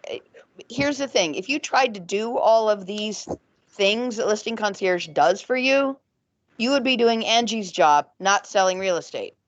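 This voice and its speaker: A woman's voice: mid-range voice, no room sound. Froggy-voiced woman agent, emphatic and repetitive, dull dry call line. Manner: emphatic, repetitive, talks in rushes. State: slightly froggy voice. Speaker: real estate agent. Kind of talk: video call panel interview. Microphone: video call.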